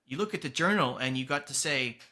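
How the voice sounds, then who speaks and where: A podcast host and coach with a mid-range voice speaks briskly and with animation, his tone sharp. He offers earnest, emphatic motivational advice in a casual way, swearing here and there.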